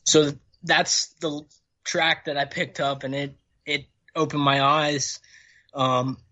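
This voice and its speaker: Flat-voiced man on a lo-fi call. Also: mid-range voice, slow pace. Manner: rambling, hesitant, with fillers and restarts. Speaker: guest. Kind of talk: personal testimony, casual storytelling.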